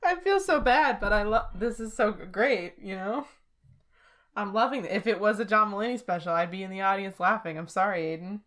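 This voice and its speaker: A woman's voice: medium pitch, fairly quick, fairly bright tone. A woman co-hosting a podcast who teases her co-host and giggles in casual chat. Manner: giggly, teasing.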